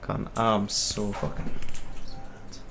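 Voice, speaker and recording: A man's voice: fairly low pitch, takes it slowly, vocal fry, background noise. A man giving gameplay commentary while he plays, frustrated and swearing constantly between bursts of angry ranting. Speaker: gamer streaming a VR game.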